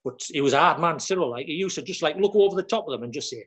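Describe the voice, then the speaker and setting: A man, a former footballer who tells stories haltingly, repeating words and quoting others. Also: a little high, animated, fairly bright tone, breathy edge. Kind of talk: casual storytelling chat.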